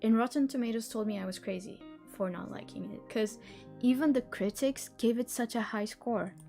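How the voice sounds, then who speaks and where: A woman's voice: fairly high pitch, moderate pace, warm tone, faint music behind. A young woman hosting a live stream, chatting casually in a rambling, giggly way with lots of restarts. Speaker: streamer hosting reading sprints.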